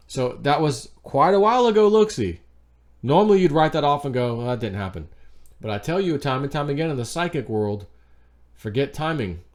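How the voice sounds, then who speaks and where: Man rambling through a casual monologue. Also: mid-range voice. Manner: rambling, conversational, full of "you know"; emphatic when warning. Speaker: show host.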